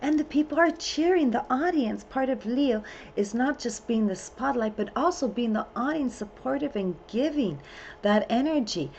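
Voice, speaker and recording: A woman astrologer hosting a full moon program in a casual, chatty way. She loosely strings her phrases together with many fillers and often breaks into excited whoops. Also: on the high side, normal speed, vocal fry, muffled recording, a little hiss or hum. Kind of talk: casual spoken forecast.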